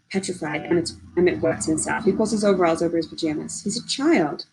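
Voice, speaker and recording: A woman reading a novel aloud in a measured, steady storytelling voice. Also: lowish voice, low-quality recording. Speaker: audiobook reader.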